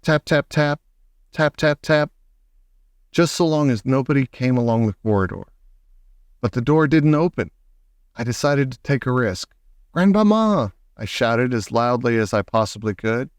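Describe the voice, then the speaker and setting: A male audiobook reader narrating a children's storybook in a measured, expressive way. His voice sits at an ordinary middle pitch for a man. The recording is close and dry, with no room sound. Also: dry recording.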